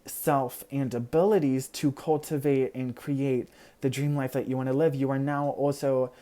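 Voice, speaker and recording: Mellow-voiced tarot reader, reassuring. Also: mid-range voice, little pitch movement, moderate pace. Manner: earnest, reassuring, flowing talk with many "you know" fillers; loses words at times and laughs at own slips. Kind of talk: pick-a-card tarot reading to camera.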